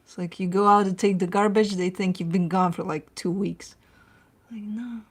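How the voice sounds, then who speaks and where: Husky-voiced woman host, casual at-home chatter, playful and profane. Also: medium pitch, steady tone, moderate pace. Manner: chatty, swears casually, coos baby talk at her dog. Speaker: tarot reader and channel host. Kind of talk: casual chat to camera.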